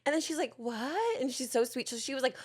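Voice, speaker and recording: A woman's voice: sits high, very fast. A woman co-hosting a podcast, telling a story animatedly, acting out quotes and laughing often. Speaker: podcast co-host. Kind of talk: casual chat, storytelling.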